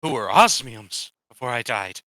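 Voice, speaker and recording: A man's voice: mid-range voice, expressive, normal speed, pushed and bright, dry recording. A man voicing a boastful male ghost of a dead noble, bragging and blunt, in a tabletop game.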